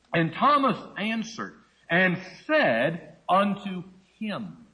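Middle-aged male preacher, high and very animated voice, expository teaching that acts out the quotes. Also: poor audio. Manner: expository Bible teaching, acting out quoted speech. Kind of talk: sermon.

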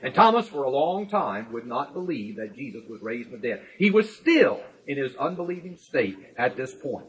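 A man teaching a sermon on scripture in a deliberate, emphatic way, slowing down to stress key words and explaining step by step. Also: medium pitch, very animated, fairly bright tone, low-quality recording. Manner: explains step by step with everyday illustrations. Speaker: Bible teacher.

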